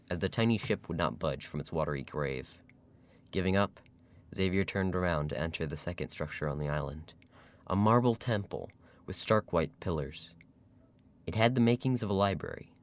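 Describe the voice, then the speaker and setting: A man narrating a scripted adventure story in a steady, measured way. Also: low voice, rough recording.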